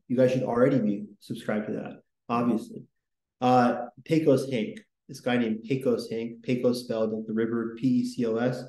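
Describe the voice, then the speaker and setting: A man's voice: mid-range voice, steady tone, moderate pace, mellow, reverberant, low-quality recording. A man hosting a casual history podcast, talking in a rambling, enthusiastic way with lots of fillers. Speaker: podcast host.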